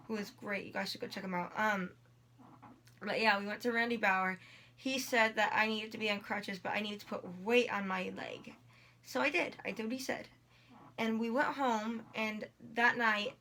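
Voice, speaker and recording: A woman's voice: medium pitch, bright, forceful tone, a little hiss or hum. A teenage girl telling a long personal story in a casual vlog, rambling with many likes and ums while in pain. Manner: rambling, lots of likes and ums, quotes people in dialogue. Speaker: vlogger.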